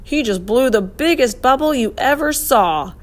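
An eager young boy, as a woman reading a storybook puts him on, chatting along. The voice is pitched a little higher. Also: unhurried, lightly acted. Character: young boy, brother, easily awed.

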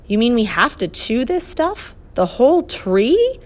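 A woman voicing an excitable young boy who speaks in eager exclamations, in a storybook reading. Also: fairly high pitch, unhurried, voice pushed up. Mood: excited.

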